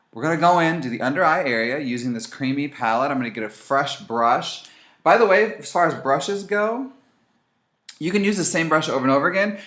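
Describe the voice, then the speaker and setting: Speaking in a medium pitch, a man runs a laid-back makeup tutorial, addressing viewers directly in a lively, talkative way as he shows each step.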